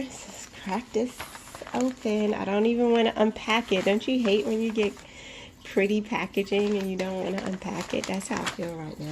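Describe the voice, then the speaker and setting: A woman talks slowly through a casual unboxing vlog from her room at home. Her speech is drawn out, with breathy exclamations as she gushes. Steady household noise runs beneath her voice. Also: medium pitch. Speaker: vlogger.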